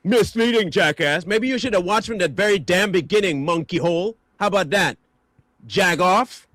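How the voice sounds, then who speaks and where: A man's voice: high-pitched, normal speed, fairly bright tone, dry recording. A man hosting a stream, delivering an angry, mocking reaction rant full of insults. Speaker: stream host.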